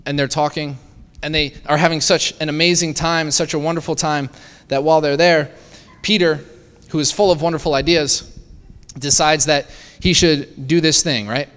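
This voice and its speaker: A man's voice: a little high, fairly even intonation, moderate pace, a bit bright, clear, resonant tone, long reverb tail. A man preaching a sermon in a conversational way, often asking the listeners questions. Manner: conversational, asks the congregation rhetorical questions with frequent "right?".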